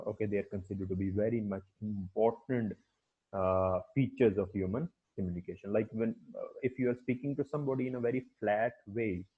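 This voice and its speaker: A man giving a lecture on language, speaking haltingly with many fillers and repeated words. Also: lowish voice, husky. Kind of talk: classroom lecture. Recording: dull lo-fi recording.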